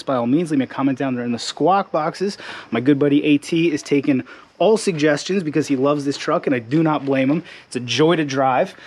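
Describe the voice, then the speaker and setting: A man hosting a garage video, explaining a repair in a relaxed, chatty way with joking asides. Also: fairly high pitch. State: slightly out of breath. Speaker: garage channel host. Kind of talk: casual how-to explainer. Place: home garage.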